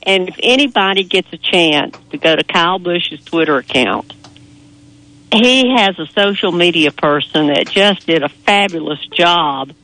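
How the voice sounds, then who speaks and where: A woman's voice: lowish voice, sharp tone, no room sound, poor audio. A woman on a racing panel, chatting enthusiastically and sometimes hesitating as she weighs her picks. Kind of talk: casual chat about racing.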